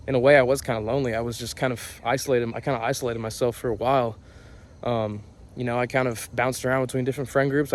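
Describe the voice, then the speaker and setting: A man in his twenties giving an earnest, casual motivational talk outdoors, often repeating and rephrasing his points. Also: mid-range voice. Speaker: vlogger. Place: outdoors on a property on a rainy day.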